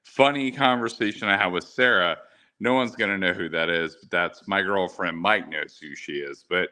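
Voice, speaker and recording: A male guest talks in a low, forceful, bright voice. He hesitates a lot and fills the gaps as he speaks in a casual way. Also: normal speed. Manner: hesitant, lots of fillers. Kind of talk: casual chat.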